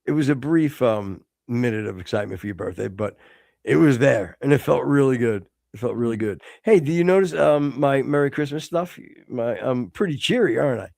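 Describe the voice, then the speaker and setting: A man's voice: medium pitch, expressive, brisk, gravelly, darkish tone, no echo, clean studio sound. A man in his fifties co-hosting a podcast, teasing his partner with crude, profane, mock-insulting banter. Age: 50s. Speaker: podcast co-host. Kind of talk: casual chat.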